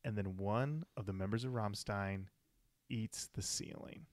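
A man's voice: on the low side, measured pace, no room sound, studio quality. A man co-hosting a podcast, chatting casually and telling stories. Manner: chatty storyteller, slips into quoted voices. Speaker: podcast co-host. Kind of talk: casual chat.

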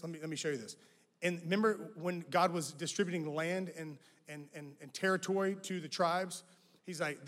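A man preaching a sermon as guest pastor, who swings from loud emphatic lines to hushed ones. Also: on the high side, moderate pace. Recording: long reverb of a large hall.

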